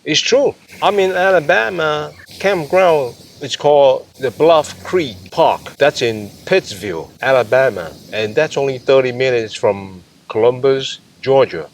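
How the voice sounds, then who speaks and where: A man's voice: medium pitch, expressive, unhurried, few pauses, low-quality recording. A man vlogging casually while cooking outdoors at a campground, rambling and restarting his sentences, sometimes stepping away from the camera. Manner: rambling, chatty, trails off and restarts. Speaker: camping vlogger. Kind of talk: casual vlog, cooking talk. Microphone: camera, at times several meters away. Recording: outdoor camera audio with clear insect noise.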